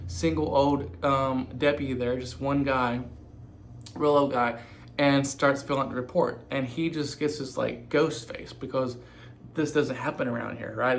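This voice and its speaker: Male storyteller with an average-pitched voice, relaxed and halting, stopping to correct himself; slight room noise. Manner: halting, many "um" fillers and self-corrections. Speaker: true crime storyteller. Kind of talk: casual spoken retelling.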